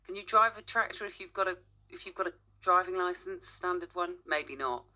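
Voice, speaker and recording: A woman's voice: lowish voice, a little fast, bright, forceful tone. A woman presenting a casual morning radio show, chatty and teasing, laughing often.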